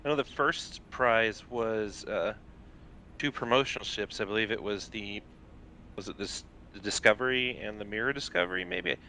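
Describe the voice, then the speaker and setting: Male co-host, bright forceful voice, unhurried and unsure, faint background noise. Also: lowish voice, lively intonation, gravelly. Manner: hesitant, unsure recall. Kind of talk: casual live stream chat.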